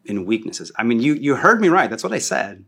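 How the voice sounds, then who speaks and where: A man preaching a sermon as a pastor, animated and repeating key phrases for emphasis. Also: mid-range voice, a little fast, gravelly, husky.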